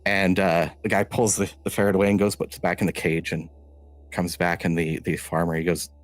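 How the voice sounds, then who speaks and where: A man with a very low voice narrates a tabletop game as game master. He tells the scene in a measured, halting way, often restarting his sentences. The sound is dry and close. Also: flat delivery, no echo.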